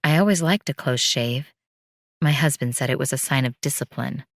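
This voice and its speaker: Low-voiced woman narrating a dark story. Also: moderate pace, gravelly, dry recording, clean studio sound. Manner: wry, bitter storytelling. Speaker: first-person narrator.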